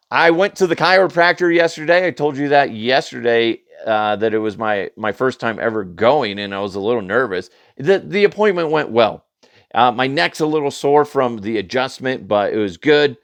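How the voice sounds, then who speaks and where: A man's voice: mid-range voice, moderate pace, no room sound. Chatty man hosting a comedy podcast. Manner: animated, chatty, laughs at his own stories. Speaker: podcast host. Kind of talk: casual comedic storytelling.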